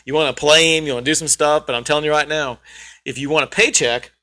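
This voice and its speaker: A man's voice: a little high, fairly even intonation, fast talker, pushed and bright. A man hosting a casual podcast, telling stories in an emphatic, joking way. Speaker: podcast host. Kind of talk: casual chat.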